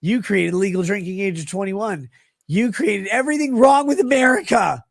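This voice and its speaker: A drunk man in a rambling stream monologue, swinging erratically in pitch and loudness. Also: moderate pace, vocal fry, dry recording, clean studio sound.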